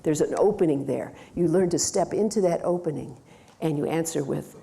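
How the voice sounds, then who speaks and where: Woman conference presenter, lower register, brisk and instructive. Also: vocal fry, mellow. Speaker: conference speaker. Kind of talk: presentation talk. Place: conference in Aspen, Colorado.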